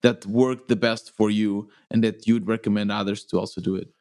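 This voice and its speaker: A man's voice: lowish voice, steady tone, normal speed, a little mellow. A man hosting a podcast, interviewing a guest with friendly, open questions. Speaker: podcast host.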